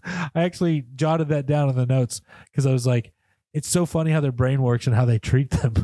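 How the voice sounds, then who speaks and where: A man's voice: fairly high pitch, normal speed, dark tone. A man co-hosting a movie podcast, rambling casually and acting out lines from the film. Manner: rambling, laughs often, acts out movie lines. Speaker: podcast co-host. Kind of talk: casual chat.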